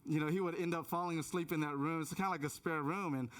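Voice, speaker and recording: A man in his thirties delivers a sermon in a church, weaving in a personal story. His voice sits a little high, and he often restarts phrases and drops to a hushed tone when building suspense. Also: steady tone, fast talker. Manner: many restarts and repeated words. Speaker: pastor. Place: church auditorium.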